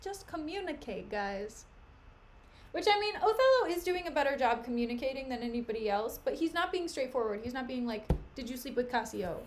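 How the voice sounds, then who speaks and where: A woman's voice: sits high, fairly quick, slight background noise. A young woman streaming, reading a play aloud with chatty, casual commentary full of asides. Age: young adult. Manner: chatty, frequent "like", lively asides.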